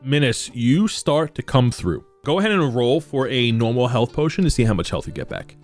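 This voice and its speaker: A man's voice: medium pitch, normal speed, soft background music. Rambling male game master. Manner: rambling, descriptive, animated. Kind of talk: narrating a tabletop game.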